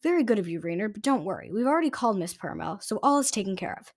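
A smooth, evasive official woman answers in a brisk, tidy manner, as a reader puts her on. Her voice stays near the reader's middle pitch. It is recorded close and dry. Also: very animated, darkish tone, no echo.

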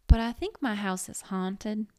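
A woman voicing a nervous, guarded wealthy woman with a slight Southern drawl, speaking quietly and in clipped phrases. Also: on the low side, steady tone, fast, no echo, lightly acted. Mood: wary.

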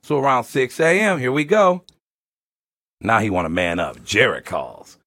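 Animated man telling a comic story. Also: medium pitch, a little slow, dry recording. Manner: animated, slangy, laughing often. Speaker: storyteller reading a thread to friends.

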